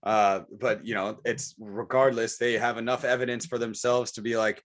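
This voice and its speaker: A man's voice: medium pitch, flat delivery, moderate pace, hardly any pauses, fairly bright tone. A man co-hosting a podcast, talking politics in a heated, profane, rambling way. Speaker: podcast co-host. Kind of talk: casual political chat.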